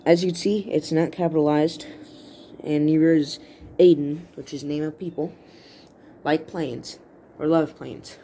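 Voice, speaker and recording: A woman's voice: low-pitched, fairly even intonation, a little slow, long pauses, mellow, a little hiss or hum. A woman hosting a casual writing tutorial video, talking in a rambling, playful way and often correcting herself mid-word.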